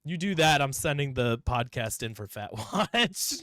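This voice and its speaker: A man's voice: mid-range voice, big pitch swings, a little slow, a bit bright, no echo, clean studio sound. A young man from the northern United States with a lingering cough, teasing and swearing as a podcast co-host. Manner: teasing, profane and mocking. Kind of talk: casual podcast chat.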